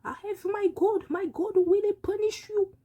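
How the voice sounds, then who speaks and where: A woman's voice: very high-pitched, a little slow, dark tone, lo-fi sound, pitched above the performer's own voice. A woman putting on the voice of a wise old man who lectures and scolds, repeating words for emphasis. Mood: defiant.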